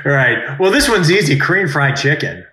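A man's voice: on the high side, sing-song, moderate pace, pushed and bright. A man co-hosting a podcast in casual chat, playful and joking, swearing now and then. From United States. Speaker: podcast co-host.

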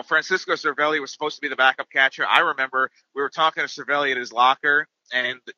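Bright-voiced man, guest on a call. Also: on the high side, no room sound, dull audio. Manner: thinking aloud with restarts. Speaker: podcast guest. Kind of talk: casual sports chat.

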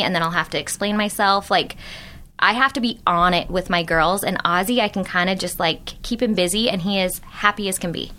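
Bright, candid young woman. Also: mid-range voice. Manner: candid, emphatic storyteller. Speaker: podcast guest. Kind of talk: casual chat.

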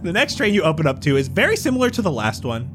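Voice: medium pitch, wildly swooping pitch, fast talker, noisy background. A game master narrating a tabletop game in a descriptive way.

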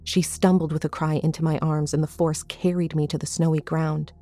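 A woman narrating a first-person horror story in a measured, suspenseful reading. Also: low voice, level tone, warm tone.

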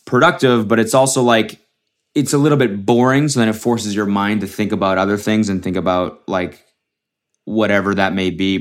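A young man hosting a solo comedy podcast, rambling and swearing freely, often restarting his sentences. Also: lowish voice. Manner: rambling and profane, with frequent restarts. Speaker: podcast host.

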